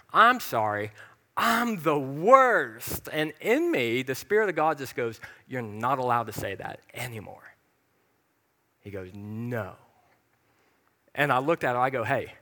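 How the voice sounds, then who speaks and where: Speaking with a bright, forceful voice on the high side, a young male pastor gives a sermon in a church hall that's chatty and self-mocking, punctuated by sudden emphatic bursts. The hall adds long reverb.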